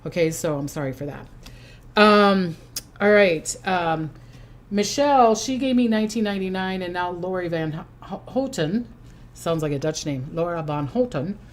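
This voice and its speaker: Older woman, Minnesota accent, lowish voice, rambling and chatty as a psychic hosting a casual livestream. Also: moderate pace. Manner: chatty and rambling, reading out viewer comments. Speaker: psychic host.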